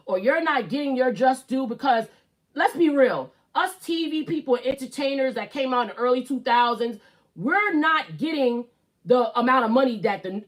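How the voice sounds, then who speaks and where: Give me a woman with a Brooklyn accent, blunt and emphatic, hosting a casual live show, slightly high-pitched. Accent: Brooklyn New York. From Brooklyn, New York. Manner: blunt, profane, emphatic, repeats herself for emphasis. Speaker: YouTube live host. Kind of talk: casual live-stream rant.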